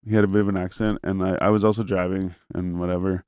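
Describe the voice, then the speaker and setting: A man's voice: deep voice, flat delivery, fast, a little mellow, clear, resonant tone, no echo. Rambling, cursing man telling a story. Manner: rambling, profane, acts out both sides of a phone call. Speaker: storyteller in group chat. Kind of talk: casual storytelling to friends.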